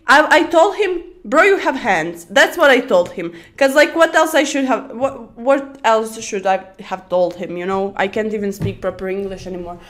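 A young woman chatting casually about her day while playing blitz chess, rambling through stories and bursting out excitedly over her moves. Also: on the high side. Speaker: chess streamer.

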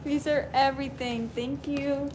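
A mother on a live stream, talking to her toddler in a high sing-song baby voice while opening gifts. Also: flat delivery, a little slow, background noise. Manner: gasping, cooing with delight. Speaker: mother and vlogger.

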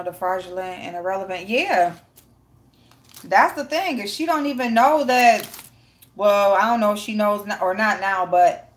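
A woman hosting a casual live stream, reading chat and greeting viewers by name, blunt and profane with frequent laughter. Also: on the high side.

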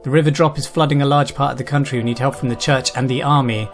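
Over game music, a man with a medium-pitched, steady voice talks fast as he casually comments on a video game. He reads the on-screen text aloud, often chuckling and exclaiming.

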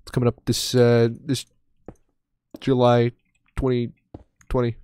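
A man's voice: mid-range voice, monotone, measured pace, dark tone, clean tone. A young man streaming a game in casual commentary, joking and rambling with self-mocking asides.

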